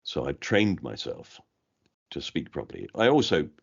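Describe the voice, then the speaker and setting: Deep-voiced older man, posh English accent. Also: big pitch swings, normal speed, gravelly, slightly rough. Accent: trained posh English. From London, England. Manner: reflective, rambling with many restarts. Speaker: interview guest, comedy actor. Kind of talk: casual chat. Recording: dull lo-fi sound.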